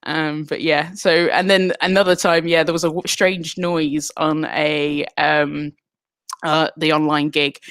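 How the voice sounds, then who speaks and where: A low-voiced woman, a comic guest on a video call, chats hesitantly, giggling and filling pauses with ums. Her sound is close and dry, with no room around it. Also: fairly bright tone, no room sound. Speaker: comedian guest. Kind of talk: casual interview chat.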